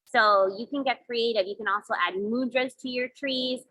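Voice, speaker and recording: A woman leading children through yoga poses and breathing games, giving gentle, encouraging instructions with playful sound effects. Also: on the high side, normal speed, rough recording. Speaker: kids yoga teacher. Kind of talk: guided kids yoga and mindfulness.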